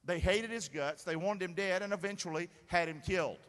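A man preaching a sermon as pastor, energetic and calling for the congregation's responses. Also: sits high, brisk. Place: large church sanctuary. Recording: long hall reverb in church.

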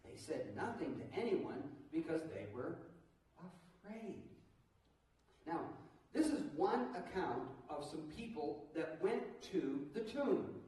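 A middle-aged man preaching an Easter sermon in a church, animated, with asides to the congregation. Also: a little high, slow pace. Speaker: pastor. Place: church sanctuary. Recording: echoey church hall, mic at a distance.

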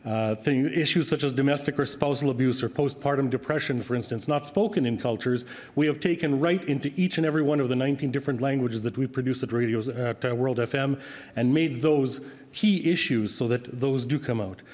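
A middle-aged man who grew up speaking Ukrainian, giving an earnest acceptance speech with halting fillers. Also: mid-range voice, a little mellow. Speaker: award recipient, radio broadcaster. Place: large banquet hall. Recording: long hall reverb.

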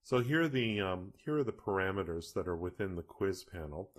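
A man with a very low voice walks through a software tutorial at an easy, conversational pace. He explains each setting plainly and corrects himself along the way. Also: expressive, a little fast. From Canada. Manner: casual, self-correcting, explanatory. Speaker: e-learning tutorial instructor. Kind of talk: screen-recorded software tutorial.

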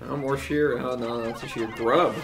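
A man's voice: medium pitch, fairly even intonation, normal speed, vocal fry, fairly bright tone. A man casually co-hosting a video game let's play, joking and laughing often and putting on silly voices for the characters. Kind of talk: casual gaming commentary.

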